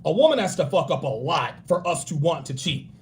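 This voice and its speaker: A man in his forties hosting a livestream, giving blunt, profane dating and grooming advice and acting out other people in quick bursts. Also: a little high, big pitch swings. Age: 40s. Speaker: livestream host.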